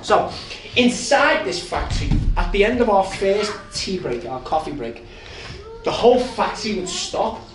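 A man giving a lively, humorous testimony as a storytelling talk. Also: high-pitched, moderate pace, music in the background. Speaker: testimony speaker. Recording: echoey room from far off, noisy ambience.

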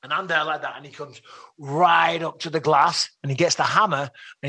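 An Englishman with a bright, forceful voice and a slightly high pitch tells a long story on a podcast. He talks in a casual, animated way and acts out what he and others said. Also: normal speed, vocal fry. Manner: animated, acts out his own quotes with rising voice. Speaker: podcast guest.

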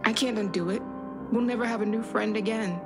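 A woman's voice: a little high, fairly quick, music in the background, natural voice. A woman reading a coaxing sinister man. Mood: shaken.

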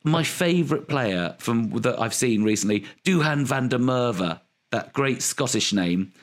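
Man, casual chat, enthusiastic, jokey, mid-pitched voice. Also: expressive, unhurried. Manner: enthusiastic, jokey, tries impressions.

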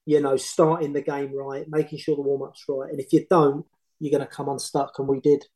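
A middle-aged man, a former football manager, telling long animated anecdotes in casual podcast chat with many restarts. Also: mid-range voice, a little fast, low-quality recording. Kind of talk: casual storytelling.

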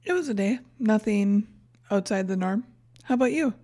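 A woman co-hosting a podcast, answering in short, dry, deadpan remarks. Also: mid-range voice, normal speed. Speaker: podcast co-host. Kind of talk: casual chat.

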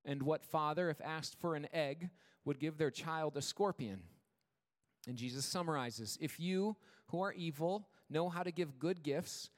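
A male pastor in his thirties preaching in a measured, earnest way, leaning on slow repeated words for emphasis. His voice sits a little high for a man. The sound carries the long reverb of a church hall. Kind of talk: sermon. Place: church sanctuary.

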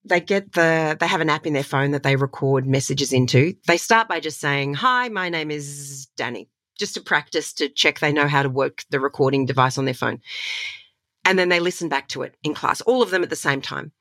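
An Australian woman talks as a voice coach in an interview, lively and enthusiastic. Her voice sits on the low side. The close mic gives a dry sound. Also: a little fast, dry recording. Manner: enthusiastic, animated storytelling with laughs. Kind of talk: conversational interview.

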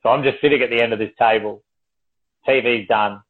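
A man's voice: medium pitch, fairly even intonation, a little fast. An Australian man telling a story casually, swearing, laughing and acting out quoted voices. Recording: tinny phone-like audio.

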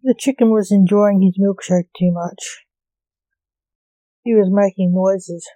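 A woman reading a homemade story aloud in a slow, even manner. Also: medium pitch, dry recording, poor audio.

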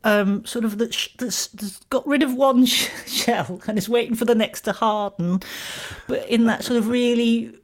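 A woman's voice: a little high, fairly even intonation, normal speed. A woman chatting casually, blunt and sardonic with plenty of swearing. She laughs often and keeps a dry, mocking edge. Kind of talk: casual chat.

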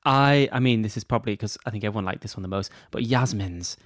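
A man co-hosting a podcast, chatting casually and opinionatedly, quick to laugh. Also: lowish voice, no echo, studio quality. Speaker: podcast co-host. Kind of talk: casual chat.

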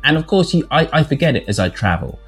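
A man's voice: fairly high pitch, fast, slightly rough, faint music behind. A middle-aged man from England with a British accent, hosting a casual podcast chat and stumbling over repeated words when he gets going. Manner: lively, chatty, repeats words when excited. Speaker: podcast host.

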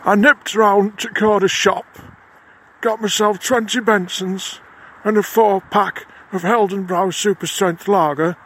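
A man's voice: high voice, fairly even intonation, a little slow, a bit bright, slightly rough, voice pushed up, exaggerated voice. A man doing a blunt broad-Lancashire lodge boss. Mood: deadpan. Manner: blunt, matter-of-fact, swears casually. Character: gruff middle-aged northern Masonic lodge head.

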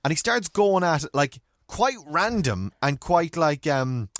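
An Irish man in casual chat, telling a story with lively acted-out quotes and frequent laughs. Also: a little high, measured pace, no room sound, studio quality. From Ireland. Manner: animated, acts out quotes, laughs often.

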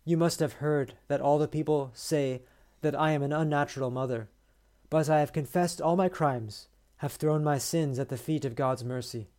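A man reading the lines of a remorseful beggar woman in a short story, soft and pleading. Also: a little high, moderate pace, natural voice.

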